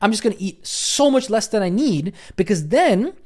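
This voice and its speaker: A man's voice: high-pitched, sing-song, moderate pace, darkish tone. A man doing a cocky, overeager dieting student. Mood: cocky excited.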